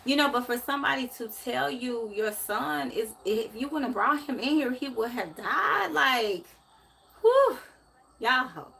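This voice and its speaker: A woman's voice: fairly high pitch, normal speed, vocal fry, hardly any pauses, sharp tone. A woman, hosting a casual live tarot stream and talking emotionally to her viewers in a repetitive way. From Memphis, USA. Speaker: tarot reader and host.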